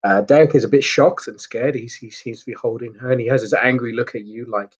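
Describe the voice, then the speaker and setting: Husky-voiced man narrating as game master. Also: medium pitch. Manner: halting, searching for words. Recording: dull lo-fi sound.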